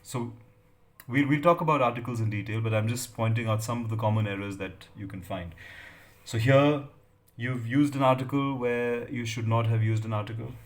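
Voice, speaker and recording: A man's voice: medium pitch, normal speed. A middle-aged man, giving a lecture on academic writing with many fillers and checks of "right?". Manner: hesitant, many fillers and tag questions. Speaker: English lecturer.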